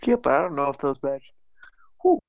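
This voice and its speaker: A man in a casual podcast chat who pushes back with plain, matter-of-fact arguments. His voice sits at a middle pitch. It is recorded close and dry. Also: very animated, fairly quick, no echo, poor audio. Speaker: podcast co-host.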